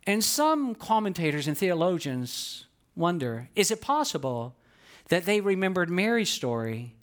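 Animated pastor preaching. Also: male voice, high-pitched, measured pace. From Atlanta, Georgia. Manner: animated, asks the congregation for call-and-response. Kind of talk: sermon with personal stories.

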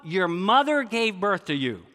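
A man preaching a sermon voices a calm, authoritative Jesus who explains things patiently and slowly. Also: sits high, in a large hall, heavily acted. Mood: earnest.

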